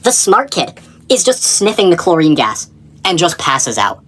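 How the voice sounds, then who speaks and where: A woman with a slightly husky voice narrates comic point-of-view scenes, her pitch swinging widely as she builds each gag. She sounds excitable and addresses the listener directly, with a lowish voice that stays animated throughout. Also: a little slow. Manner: excitable, storytelling, talks to the listener. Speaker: comedy sketch creator. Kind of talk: comedic POV narration.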